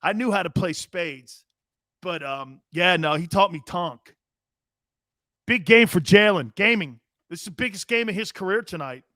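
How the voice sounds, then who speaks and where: With a high-pitched, bright and forceful voice full of lively intonation, a brash sports talk host in his fifties reads live comments at a normal speed. He chats casually, curses freely and laughs between lines, and the clean studio sound has no echo.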